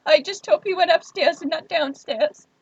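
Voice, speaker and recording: A woman voicing a distraught, broke young woman who pleads in a high, strained voice. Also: moderate pace, no echo. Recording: dull lo-fi stream audio.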